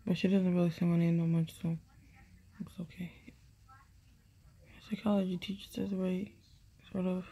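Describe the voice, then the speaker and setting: A woman's voice: on the low side, little pitch movement, normal speed, long pauses, dark tone. A young woman vlogging in a playful, rambling casual monologue, with lots of "like" and sing-song bits. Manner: playful, repeats her name in sing-song; heavy use of "like".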